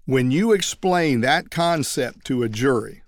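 A trial lawyer teaching other lawyers how to persuade juries, telling a story and acting out everyday quotes. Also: male voice, medium pitch, lively intonation, measured pace, no room sound, clean studio sound.

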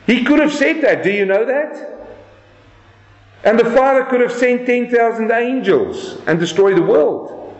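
A man's voice: high-pitched, animated, normal speed, a little mellow. A man preaching a sermon, reading scripture and asking the listeners rhetorical questions. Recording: echoey room, dull sound.

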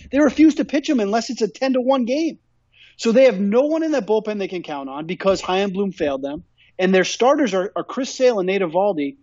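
Man, high-pitched, ranting podcast co-host, dry dull recording. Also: darkish tone, husky, no room sound. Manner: ranting, repetitive, emphatic. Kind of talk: casual sports chat.

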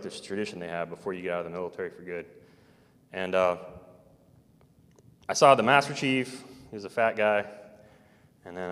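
Man, lower voice, halting and meandering, casual storytelling, long hall reverb. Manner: halting, meandering, soft-spoken. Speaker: interviewee recounting military experiences.

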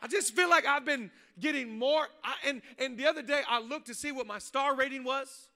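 A man, a pastor preaching a sermon, mixing funny stories with loud, rising exhortation. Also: very high-pitched, a little fast. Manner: humorous storytelling, building to loud preaching. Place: church stage before a congregation.

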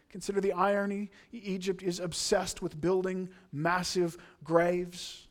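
Pastor, male, higher-pitched voice; earnest, emphatic sermon delivery, dropping to hushed asides and then rising. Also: flat delivery, a little slow, few pauses. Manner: earnest, emphatic preaching with swings from hushed to loud.

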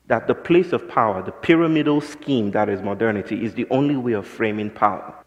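A man's voice: lowish voice, fairly quick, dull audio. A man giving a reflective, poetic public talk to an audience, musing and then pressing points with passion. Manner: poetic, musing, builds to impassioned emphasis. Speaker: invited speaker. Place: lecture hall with audience. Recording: reverberant hall.

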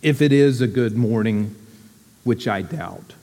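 A sorrowful old donkey from a storybook, deep and murmuring, as a man reads him aloud. He drags every word as if nothing will ever improve. The sound rings in a reverberant hall. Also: warm tone, close to an everyday voice. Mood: gloomy. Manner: slow, mournful, sighing delivery. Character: gloomy old gray male donkey.

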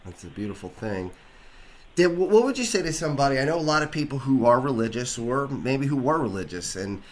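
A man's voice: medium pitch, sing-song, brisk. A man hosting an interview, giving brief encouraging replies and asking questions. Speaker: interview host. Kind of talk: casual interview.

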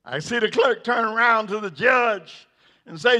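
A man preaching a sermon. He repeats words and builds up to shouting. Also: extremely high pitch, measured pace. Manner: builds to shouting, acts out the figures in the story.

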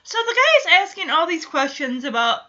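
A woman's voice: very high voice, big pitch swings, normal speed, sharp tone, muffled recording. A woman hosting a reaction video, recapping a TV episode and talking emphatically and with exasperation straight to viewers.

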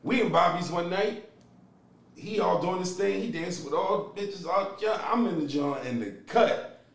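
Animated high-voiced man telling stories. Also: normal speed, reverberant. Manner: animated storyteller, acts out dialogue. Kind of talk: casual group chat.

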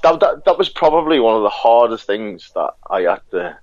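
A man's voice: fairly low pitch, big pitch swings, moderate pace, a little mellow, slight background noise. A man, an actor guest, chatting casually in an interview, laughing often and restarting his sentences. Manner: laughing, rambling with many restarts. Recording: dull lo-fi sound.

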